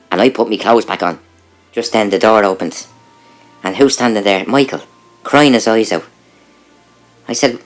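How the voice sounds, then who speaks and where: A man telling a comic story in a conversational, animated way, building up to the punchline. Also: lowish voice, moderate pace, pauses often, faint music behind. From Ireland. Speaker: joke teller.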